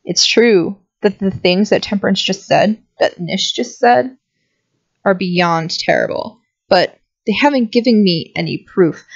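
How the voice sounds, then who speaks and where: A woman's voice: medium pitch, expressive, measured pace, gravelly, no room sound. Exasperated woman reading a story game. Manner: exasperated, swears freely. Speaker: gamer reading a visual novel aloud. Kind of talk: let's play reading and commentary. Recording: dull lo-fi with faint music.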